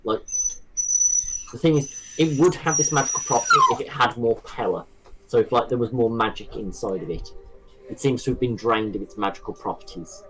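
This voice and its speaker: A man's voice: mid-range voice, fairly quick, over loud music, poor audio. A man acting as game master, explaining rules and scenes with many restarts. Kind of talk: narrating a tabletop game.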